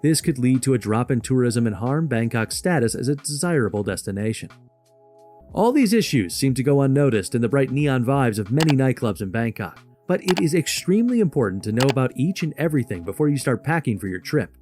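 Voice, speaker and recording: A man's voice: mid-range voice, sing-song, darkish tone. Man reading a formal scripted voice-over. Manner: formal, measured reading of a countdown list. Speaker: narrator of a travel list video. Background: faint background music.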